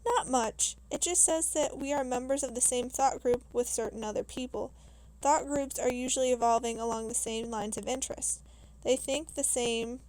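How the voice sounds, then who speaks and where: A woman voicing a calm, knowing female guide in a read-aloud novel, speaking matter-of-factly. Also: on the high side, close to an everyday voice, low-quality recording.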